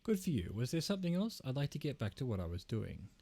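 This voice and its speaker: Man voicing a grumpy middle-aged hostel manager, curt, irritated, medium pitch. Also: big pitch swings, fast, vocal fry, dark tone, breathy edge, full character voice.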